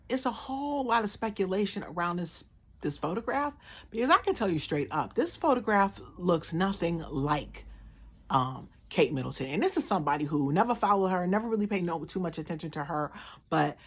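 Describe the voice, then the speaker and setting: An American woman giving blunt, slangy, animated opinion commentary in a casual vlog. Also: on the low side, husky. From United States. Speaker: vlogger.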